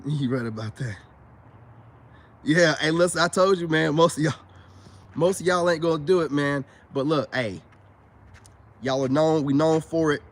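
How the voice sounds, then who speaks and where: A man with a fairly high voice talks at normal speed, pausing often. Styling himself a spiritual advice vlogger, he delivers a casual, boastful, preachy monologue to camera, calling his viewers brothers and repeating his points.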